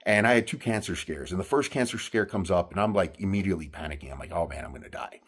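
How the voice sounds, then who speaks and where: A man with a very low, husky voice tells a story from his own life. His delivery is earnest and halting, and he often starts over and leans on fillers. His low voice stays rough the whole way through. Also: lively intonation, fairly bright tone. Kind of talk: personal storytelling monologue.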